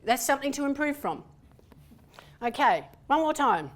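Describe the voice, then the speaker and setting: Lively woman leading voice exercises. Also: high-pitched. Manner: lively, playful instructor counting slowly. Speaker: voice workshop presenter. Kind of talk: guided breathing and voice exercise. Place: room with a participating group.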